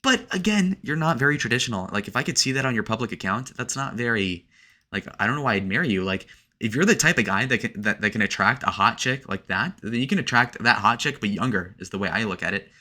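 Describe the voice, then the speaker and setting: Sarcastic young man with a bright voice. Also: on the low side, fast. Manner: crude, sarcastic, filler-heavy with "like". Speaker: online commentator. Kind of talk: casual reaction commentary.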